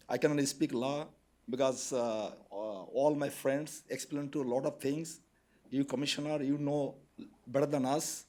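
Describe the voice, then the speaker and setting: A man who owns a taxi medallion, giving testimony at a public hearing in halting, hesitant English. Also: mid-range voice, fairly even intonation, mellow. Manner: halting non-native English. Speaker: taxi driver and medallion owner.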